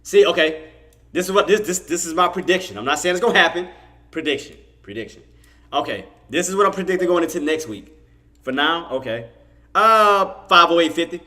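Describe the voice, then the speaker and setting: A man's voice: high voice, brisk. A man hosting a live trading stream, chatting casually with viewers and bragging that his market call came true. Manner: animated, bragging, laughs often, talks to chat. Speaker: trading livestream host.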